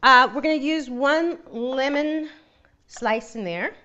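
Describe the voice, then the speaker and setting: A woman's voice: high voice, takes it slowly, sharp tone, highs cut off. A woman from Northern California hosting a casual live cooking demo, chatty and giggly and laughing often. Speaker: host of a cooking show.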